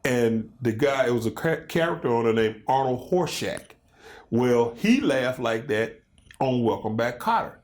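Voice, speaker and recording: A man in his fifties, a comedian and guest, telling stories in a loose, animated way in a casual interview chat. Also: mid-range voice, a little slow. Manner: animated storytelling, loose and conversational.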